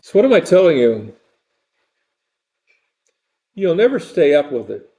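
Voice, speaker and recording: An older man lecturing a university class in a loose, rambling way. His voice is gravelly with a dark, mellow tone and sits a bit high. He often repeats himself as he talks. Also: very animated, a little slow. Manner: rambling, conversational, repeats phrases.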